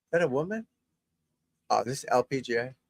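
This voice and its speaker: A man's voice: mid-range voice, expressive, a little fast, gravelly, no room sound. A middle-aged man, a golf instructor, chatting casually and bluntly while watching golf on TV, rambling and swearing freely. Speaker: golf instructor and channel host.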